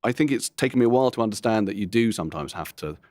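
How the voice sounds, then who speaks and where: A man's voice: lowish voice, lively intonation, a little mellow, no room sound. A middle-aged man, a comedian, talking candidly in an interview, rambling and self-deprecating with frequent asides. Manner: frank, rambling, self-deprecating, quick to laugh. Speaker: comedian guest.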